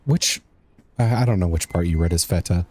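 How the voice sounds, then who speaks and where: A young man talks his way through a game stream, rambling and chatty as he answers his viewers. His voice sits low and mellow, unhurried in tone even when he drifts off topic. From United States. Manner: rambling, chatty, talks to chat while playing. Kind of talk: casual gameplay commentary.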